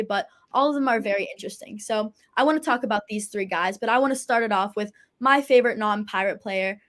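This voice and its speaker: A woman's voice: fairly high pitch, fairly bright tone. A teenage girl hosting a casual sports talk show, chatty and enthusiastic. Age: teens. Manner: chatty and enthusiastic, laughs often. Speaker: host.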